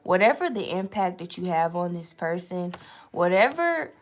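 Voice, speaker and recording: A woman's voice: fairly low pitch, normal speed. A young woman hosting a late-night tarot live stream, chatting loosely with viewers, reading out their comments and swearing freely.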